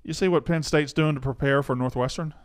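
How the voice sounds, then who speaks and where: A man's voice: a little high, fairly even intonation, a little fast, clear, resonant tone. A man with a Southern American accent, co-hosting a sports podcast, teasing his co-hosts with crude jokes. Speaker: podcast co-host. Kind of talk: casual chat.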